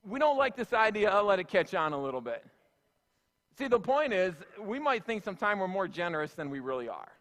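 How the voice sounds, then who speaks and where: A senior pastor with a high, sing-song, fairly bright voice preaches briskly in a church sanctuary, recorded with echoey hall sound. His sermon is folksy and conversational, with plenty of asides and fillers.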